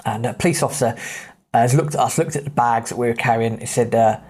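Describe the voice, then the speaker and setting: A man's voice: mid-range voice, fast, darkish tone, slightly rough. Blunt, chatty English man telling travel stories. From England. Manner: chatty and blunt, with British slang. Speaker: podcast host. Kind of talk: casual travel storytelling.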